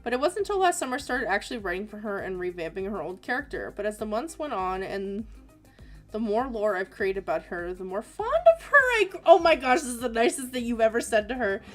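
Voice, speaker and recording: A woman's voice: fairly high pitch, very animated, fairly quick, a bit bright, faint music behind. A young woman hosting an art livestream, chatting casually and giggling as she reads viewer messages aloud. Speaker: art streamer reading viewer submissions.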